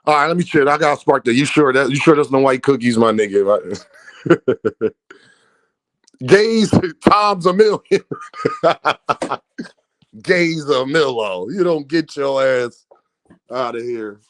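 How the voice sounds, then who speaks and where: A man's voice: mid-range voice, animated, takes it slowly, pauses often, no room sound, studio quality. A man hosting a boxing livestream, ranting at his viewers in a brash, profane, mocking way. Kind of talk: heated livestream rant at viewers.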